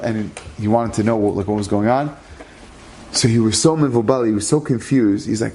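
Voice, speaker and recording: Man, rabbi, storytelling, lively and conversational, mid-pitched voice, faint noise behind. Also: a little fast. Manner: lively, conversational, sprinkled with Hebrew terms. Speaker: rabbi telling an inspirational story.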